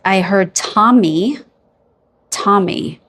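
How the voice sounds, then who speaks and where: Slow, soft-spoken woman reading tarot. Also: medium pitch, a little hiss or hum. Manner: halting, feels her way through names with hesitations; gentle and reassuring toward viewers. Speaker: tarot card reader. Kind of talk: pick-a-card psychic reading to camera.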